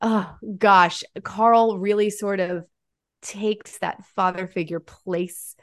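A woman in her thirties co-hosting a relaxed podcast. She talks in an emotional, expressive way and laughs easily, with a voice of middling pitch. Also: takes it slowly. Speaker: podcast co-host. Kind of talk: casual chat.

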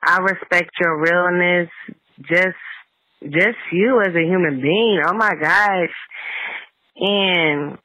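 A woman from Kentucky leaves a gushing voicemail, talking slowly in a bright voice. The sound is dry and close. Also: on the low side, no echo, poor audio. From Louisville, Kentucky. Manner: effusive, slow and gushing. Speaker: voicemail caller.

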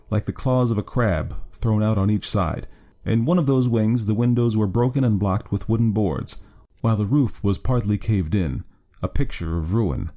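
A man narrating a classic novel aloud in a measured, descriptive reading. His voice sits fairly low for a man and moves at an unhurried pace. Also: warm tone. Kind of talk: audiobook narration of a classic story.

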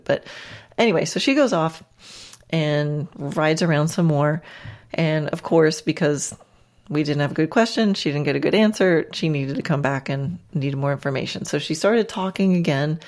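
Low-pitched lady podcaster, chatty riding coach, laughs at herself a lot. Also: a little mellow. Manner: chatty, self-deprecating, laughs often, many restarts. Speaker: podcast host and riding instructor. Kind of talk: casual storytelling.

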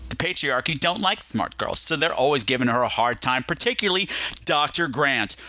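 A man's voice: medium pitch, expressive, fairly quick, bright, forceful tone. A man hosting a casual film review chat, playful and digressive, sometimes slipping into silly voices. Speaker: film podcast host.

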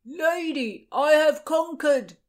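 A woman puts on a dazed male jailer, lost in love and given to poetry. He speaks in a high, breathy voice, dragging out each word as if half asleep, sometimes sinking into a whisper. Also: darkish tone. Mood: dreamy. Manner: slow, breathy and dreamy, drifting into whispers.

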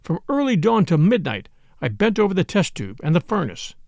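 Gravelly male narrator, lively and grave, close dry studio read. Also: high voice, brisk, dry recording. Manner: grave, impassioned storytelling. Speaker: audiobook narrator. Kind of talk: dramatic first-person narration.

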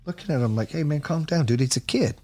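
A middle-aged man with a slightly high voice talks fast as a podcast host, telling stories in casual, animated chat. He swears freely and acts out what people said.

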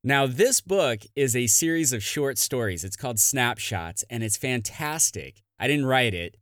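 A man's voice: mid-range voice, lively intonation, measured pace, fairly bright tone, no room sound, clean studio sound. A man hosting a comedy podcast, chatting casually and plugging things in an upbeat, self-deprecating way. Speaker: podcast host. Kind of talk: casual podcast chat and promo.

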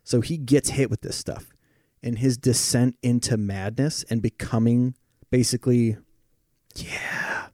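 A man's voice: mid-range voice, steady tone, moderate pace, mellow, no echo, clean studio sound. A man in casual podcast chat who explains things eagerly and at length, swearing along the way.

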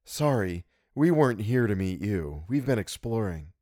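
A man's voice: lowish voice, sing-song, normal speed, warm tone, no echo, clean studio sound. A man reading an audiobook, voicing a witty, teasing young woman in a wry, playful way.

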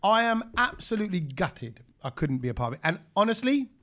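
A man co-hosting a podcast, chatting casually and teasing his guests with quick banter. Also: sits high, very animated, fairly bright tone. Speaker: podcast co-host. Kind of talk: casual chat.

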